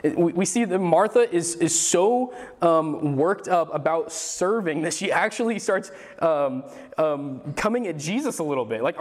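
A man's voice: on the high side, expressive, moderate pace. A man preaching a sermon in an earnest way, often restarting his phrases and briefly acting out frustrated voices. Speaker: pastor.

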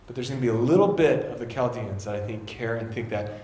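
A young man giving a casual sermon, animated and laughing, acting out voices in his stories. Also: mid-range voice, fast. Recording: very echoey room with faint ambience.

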